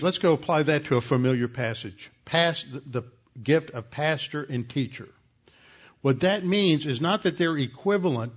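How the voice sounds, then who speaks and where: A man teaching a lecture on scripture in a measured, explanatory way, stopping now and then to correct himself. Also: a little high, dull audio. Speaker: Bible teacher.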